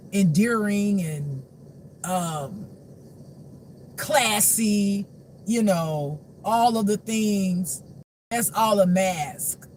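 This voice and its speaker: A man's voice: sits high, a little mellow, slight background noise. A man giving a casual intuitive spiritual reading who laughs often, swears freely, and lectures his listeners directly. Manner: preachy, addresses the audience directly.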